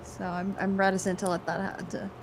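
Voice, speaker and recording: A woman's voice: medium pitch, little pitch movement, fairly quick, vocal fry. A woman in a casual chat, blunt and dry in her remarks. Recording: noisy background.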